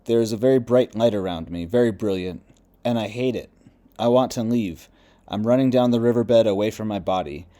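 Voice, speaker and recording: A man's voice: a little fast, lightly acted. A man reading as a lost, bitter male spirit. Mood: frightened. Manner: low, subdued, quiet delivery.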